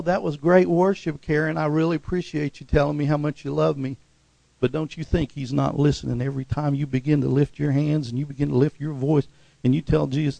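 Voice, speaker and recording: A preacher, a man, tells stories from the pulpit in a higher-than-usual gravelly voice. He leaps up into loud, excited peaks, acts out the voices of people in his stories and keeps calling out for an amen. The sound is close and dry, with no room echo. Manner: calls for "amen" and "hallelujah" response. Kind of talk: sermon with storytelling.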